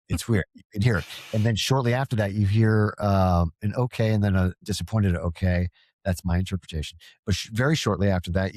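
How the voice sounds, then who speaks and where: This podcast guest, a paranormal field researcher, has a fairly low, darkish voice captured in a dry recording. His casual talk is rambling and sincere, marked by frequent stammers and restarts.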